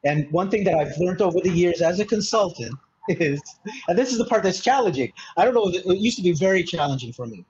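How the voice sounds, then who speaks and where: Man, from Malta, consultant, earnest explaining, slightly high, husky, lo-fi recording. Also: expressive, fairly quick, a little mellow. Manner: earnest, explaining with many restarts and "you know". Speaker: mindset consultant, podcast guest. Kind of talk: casual interview talk.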